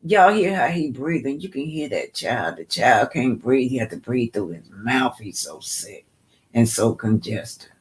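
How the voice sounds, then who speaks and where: With an unhurried, expressive delivery at medium pitch, a man does reaction commentary on video clips as host. He's emphatic and heated, frequently repeating himself and fumbling words.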